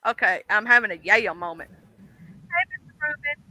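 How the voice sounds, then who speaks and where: Very high, bright-voiced male streamer. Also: expressive, moderate pace, no echo, rough recording. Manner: emphatic, repetitive, slangy. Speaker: livestream host. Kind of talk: casual livestream chat.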